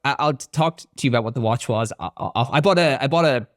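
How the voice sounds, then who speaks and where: A man's voice: mid-range voice, fast talker, dry recording, clean studio sound. A man co-hosting a marketing podcast, talking casually and animatedly, with frequent restarts. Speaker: podcast co-host. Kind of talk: casual chat.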